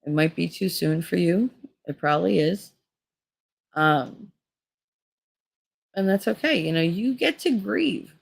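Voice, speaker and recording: Woman, middle-aged, gravelly, slow, casual rambling, laughs and swears. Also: fairly low pitch, expressive. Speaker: vlogger. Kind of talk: casual monologue.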